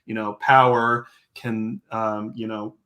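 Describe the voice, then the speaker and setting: A man appearing as a podcast guest and political candidate, speaking earnestly and haltingly. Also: on the low side, level tone, sharp tone. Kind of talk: casual interview chat.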